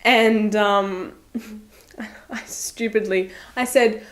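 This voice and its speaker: A woman's voice: medium pitch, moderate pace. A young Australian woman with an Australian accent, telling a story in a casual, self-deprecating vlog and laughing often. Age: young adult. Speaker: vlogger.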